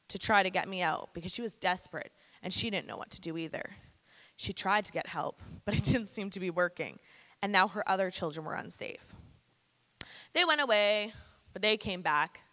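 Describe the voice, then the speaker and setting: A woman in her thirties speaks frankly and casually to a student audience, slipping into slang. Her voice is bright and forceful, and it echoes around a large school hall. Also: medium pitch. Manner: candid, conversational, slangy. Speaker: guest speaker. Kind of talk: personal testimony to students.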